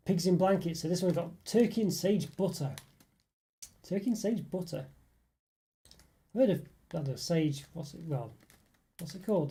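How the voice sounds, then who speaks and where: Mellow-voiced man chatting on a livestream. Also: on the high side. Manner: reads viewer comments aloud and muses on them, many fillers. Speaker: livestream host reading chat. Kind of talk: casual live chat.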